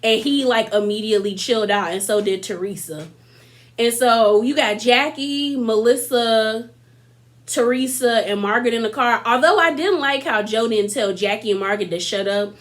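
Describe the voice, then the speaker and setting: Talking at a normal speed in a voice on the high side, a twenty-something woman gives a chatty recap of a reality show episode. She addresses viewers head-on, uses lots of slang, and imitates cast members' lines in exaggerated voices to poke fun at them.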